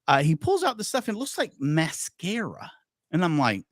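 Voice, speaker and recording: A chatty male podcast host spins anecdotes in a casual, storytelling way, his voice sitting a little high and swinging widely in pitch. The sound is dry and close, with no room around it. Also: normal speed, no echo. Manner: animated, chatty anecdote-telling with quoted dialogue.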